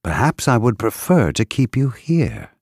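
A male narrator voicing a cruel, sadistic prison warden who taunts his captive in a slow, husky, gloating voice. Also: mid-range voice, very animated, darkish tone, no echo, studio quality, pitched above the performer's own voice. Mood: menacing. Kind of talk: audiobook character voice.

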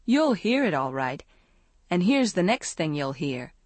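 A woman reading aloud, voicing a loud, confident teenage girl who clowns like an announcer. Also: lowish voice, sing-song, measured pace, no room sound. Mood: brash. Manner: brash, showy announcer voice.

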